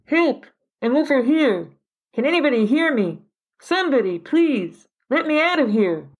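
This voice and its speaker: A woman's voice: high-pitched, very animated, a little slow, pitched above the performer's own voice. A woman voicing a young boy trapped in a grave, calling out and pleading for help. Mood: panicked pleading.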